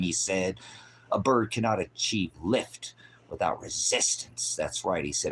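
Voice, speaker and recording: A man preaching an improvised, fiery sermon in a mocking, scolding manner, swinging from loud outbursts to low mutters. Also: lively intonation, measured pace, husky.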